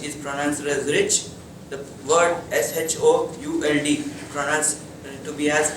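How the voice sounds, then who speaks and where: A man's voice: fairly high pitch, flat delivery. A young man student, presenting in class and often correcting himself. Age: young adult. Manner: halting, self-correcting. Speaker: college student. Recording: echoey room, distant mic, noise.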